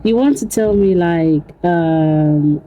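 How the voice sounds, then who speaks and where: A woman vlogger chats casually to her viewers in an animated, exclamatory way, circling back to the same words again and again. Her voice is warm and mellow rather than bright, with a faint hum of noise behind it. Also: lowish voice, slow, lo-fi sound. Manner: animated, repetitive, exclamatory, laughs often. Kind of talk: casual commentary to camera.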